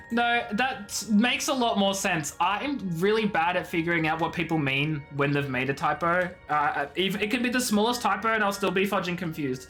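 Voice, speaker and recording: A man's voice: sits high, moderate pace, sharp tone, soft background music. A man chatting playfully with his viewers on a live stream, laughing often. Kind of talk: casual live-stream chat.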